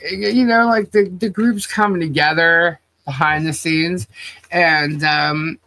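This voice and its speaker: A woman's voice: on the low side, takes it slowly. A woman co-hosting a podcast in casual chat, blunt and fired up as she trash-talks critics. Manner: blunt, animated, trash-talking. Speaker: podcast co-host.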